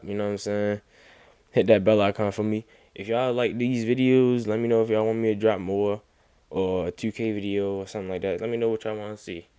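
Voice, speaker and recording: Young guy talking aave slang, retelling a crazy dream story, low voice, pops up high on the quotes, dry close mic. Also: clean tone, dry recording. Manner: animated, acts out quoted lines in a raised voice. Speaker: gaming YouTuber. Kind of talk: casual storytime recap.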